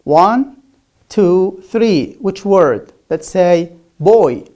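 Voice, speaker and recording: Arabic-speaking woman teaching english sounds online, lowish voice, drags each sound out. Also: lively intonation, mellow. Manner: slow, drills sounds aloud and repeats them. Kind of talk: online pronunciation lecture. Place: remote class, speaking to a camera.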